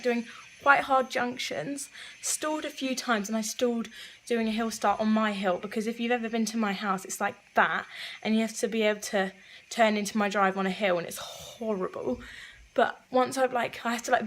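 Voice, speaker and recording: A woman's voice: a little high, a little hiss or hum. A young woman from England, chatting casually to camera in a vlog and saying "like" a lot. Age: young adult. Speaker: vlogger. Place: car interior.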